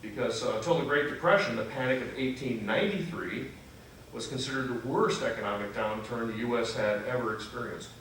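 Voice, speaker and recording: A man giving a conversational history lecture to a gathering, pausing on fillers and correcting himself as he goes. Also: mid-range voice, fairly bright tone, slight background noise. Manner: unscripted, frequent "uh" fillers and self-corrections; asks the audience questions. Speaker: lecturer at a freethought congregation. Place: meeting hall with an audience. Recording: very echoey hall, distant mic.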